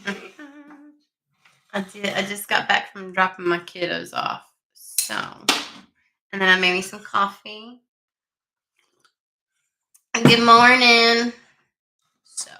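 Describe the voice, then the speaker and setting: Woman, bright edgy voice, casual camera chat, swears a lot, rambling, home setting. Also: medium pitch, slight background noise. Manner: profane, irritated, rambling. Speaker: tarot reader channel host. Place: home room with desk and window. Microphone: camera mic.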